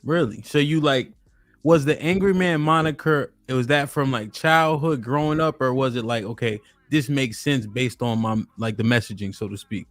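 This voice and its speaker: A man's voice: mid-range voice, normal speed, a bit bright, no room sound. A man hosting a podcast interview in a casual, laid-back way, loose with slang and filled with "you know" and "um". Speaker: podcast host. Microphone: studio dynamic microphone.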